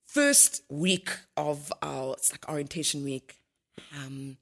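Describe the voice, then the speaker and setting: Animated woman telling her story. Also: low voice, takes it slowly, vocal fry. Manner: animated, acts out dialogue, laughs often. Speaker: interview guest. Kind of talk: storytelling in a sit-down interview.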